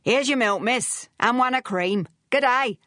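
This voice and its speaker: A woman's voice: a little high, a little slow, bright, forceful tone, no room sound, clean studio sound, voice pushed up. A woman voicing a cheerful, burly working-class milkman who speaks in a friendly, plain way in an audiobook.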